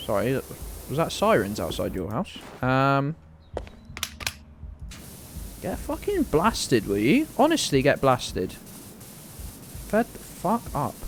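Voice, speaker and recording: A man's voice: medium pitch, wildly swooping pitch, slow, pauses often, slight background noise. A British man giving casual, sarcastic and sweary commentary while streaming a video game. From Britain.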